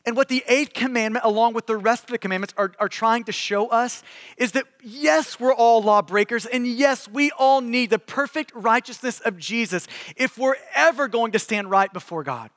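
A man's voice: very high voice, moderate pace, fairly bright tone, no room sound, in a large hall. A male pastor preaching a sermon, telling a story earnestly and building to solemn appeals. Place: church sanctuary.

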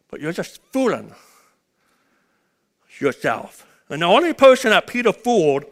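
A man preaching a sermon, swinging between loud urgent peaks and hushed low passages. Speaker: pastor.

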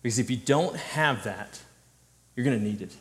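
Pastor preaching in a reverberant hall. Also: male voice, mid-range voice, moderate pace. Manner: animated storytelling with self-deprecating humor. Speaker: student ministry pastor. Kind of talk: sermon. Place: church sanctuary.

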